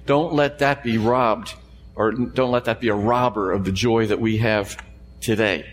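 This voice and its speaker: A man's voice: lowish voice, fairly even intonation, unhurried. A man preaching a sermon to a congregation. He talks in emphatic, repeated phrases and puts questions to his listeners. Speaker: pastor. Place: church sanctuary before a congregation. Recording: long hall reverb with faint hum.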